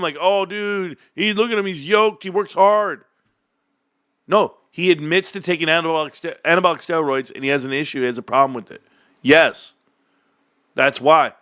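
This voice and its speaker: A man's voice: sits high, pushed and bright, no room sound, clean studio sound. A man ranting in a casual, sarcastic and profane commentary as a stock market commentator.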